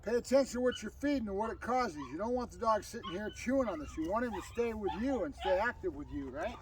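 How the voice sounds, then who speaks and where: A man's voice: high voice, expressive, fast talker, distant mic, heavy background noise. A man working as a dog trainer, explaining a training session outdoors while praising his dog. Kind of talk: casual training demonstration. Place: outdoors on a property.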